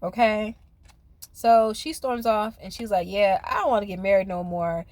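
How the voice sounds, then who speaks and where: Woman, sassy chatty TV recap, mid-pitched voice, talks straight to viewers. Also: fairly even intonation, moderate pace, darkish tone. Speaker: reality TV reviewer. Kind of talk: casual recap commentary.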